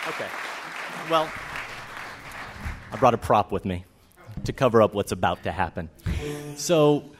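A man's voice: lowish voice, animated, a little slow, long pauses, faint music behind, a faint crowd. A man co-hosting a film podcast live on stage, bantering in a playful, self-deprecating way. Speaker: podcast co-host. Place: live stage before an audience.

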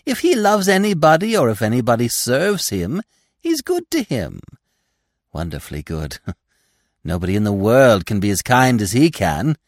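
A man's voice: mid-range voice, very animated, moderate pace, no room sound, studio quality, pitched above the performer's own voice. A man voicing a proud, boastful young deer boasting of his winter among people. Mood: superior. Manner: boastful, superior.

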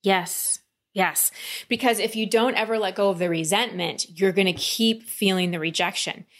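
A woman coaching a client in a calm talk, often slipping into quoted inner voices. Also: mid-range voice, moderate pace. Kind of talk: coaching session.

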